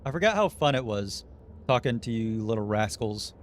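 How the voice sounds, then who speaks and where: A man's voice: on the low side, normal speed, a little hiss or hum. A man casually thinking aloud while live streaming a video game, his throat getting a little sore. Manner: relaxed, muttering and thinking aloud while playing.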